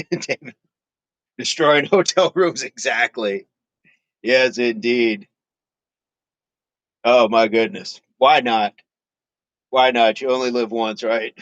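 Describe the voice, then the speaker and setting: A man's voice: mid-range voice, slow, pauses often, fairly bright tone, no room sound, muffled recording. A man hosting a casual fitness livestream, chatting playfully with viewers, laughing often and repeating his phrases. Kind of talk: casual livestream chat, reading viewer comments aloud.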